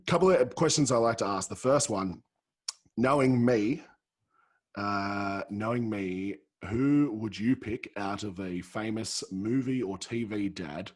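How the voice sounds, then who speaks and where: Husky Australian podcast host. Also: male voice, on the low side. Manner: warm and effusive, laughs easily, stumbles and repeats himself. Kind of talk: casual interview chat.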